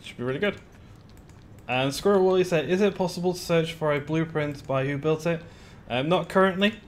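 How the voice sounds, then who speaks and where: A man's voice: fairly high pitch, a little fast, a little hiss or hum. A man chatting casually on a live stream while building in a game, greeting viewers by name with giggly asides.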